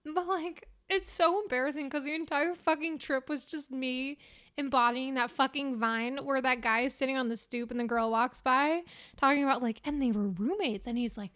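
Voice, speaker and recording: A young woman co-hosting a podcast, telling animated stories in casual chat with lots of swearing and laughter. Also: high voice, normal speed. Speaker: podcast co-host.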